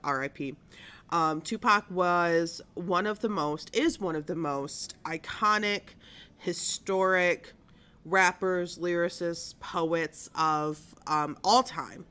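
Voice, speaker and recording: A woman's voice: on the low side, slow, pushed and bright. A woman in her thirties hosting a casual live-streamed news show from a small studio, chatty and bubbly, with a stuffy nose. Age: 30s. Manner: chatty, bubbly, lots of fillers.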